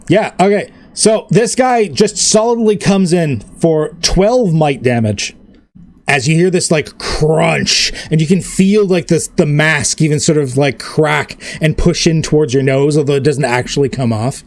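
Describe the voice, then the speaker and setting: A man runs a tabletop game, narrating in a loose, rambling way with lots of fillers. His voice sits a little high. The sound is close and dry. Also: a little slow, dry recording. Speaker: game master.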